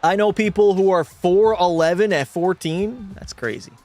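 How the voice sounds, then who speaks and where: Excitable young man streaming a game. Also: high-pitched, normal speed. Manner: excitable, swears, chats with viewers. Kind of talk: live gameplay commentary.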